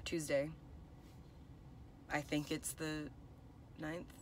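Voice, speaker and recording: A woman's voice: low voice, fairly bright tone, a little hiss or hum. A young woman in her twenties, congested from a cold, chatting casually to her phone camera in a car and saying "like" and "y'all" a lot. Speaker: vlogger. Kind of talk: casual vlog chat. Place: in a parked car.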